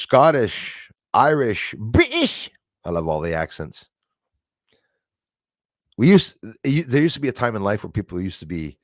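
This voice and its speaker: A man's voice: medium pitch, dry recording. Chuckling male livestream host, dry sound. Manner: reads viewer comments aloud, chuckles often, rambles. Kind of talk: casual livestream chat.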